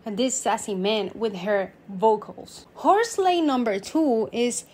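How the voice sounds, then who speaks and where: A woman's voice: on the high side, takes it slowly, darkish tone. Woman telling a mock-serious made-up history. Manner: dramatic, playfully over-serious, breaks into laughter. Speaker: vlogger.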